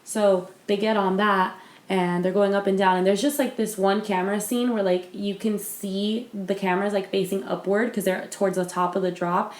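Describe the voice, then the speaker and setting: A woman's voice: medium pitch, level tone, moderate pace. Chatty woman in an echoey room. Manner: chatty, lots of fillers and restarts. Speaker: podcast co-host. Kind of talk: casual chat. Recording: roomy echo.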